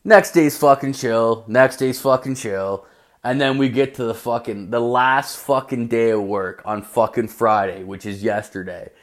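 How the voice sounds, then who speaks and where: A man's voice: mid-range voice, measured pace. A young man telling a rambling work story in a casual rant, swearing constantly and leaning on "like".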